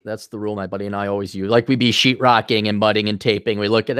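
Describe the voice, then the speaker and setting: A man's voice: on the low side, quick pace, smooth, dry recording, clean studio sound. A man hosting a podcast, telling crude jokes and stories over a video call. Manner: crude, joking, animated storytelling with voiced quotes. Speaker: podcast host. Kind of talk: casual chat.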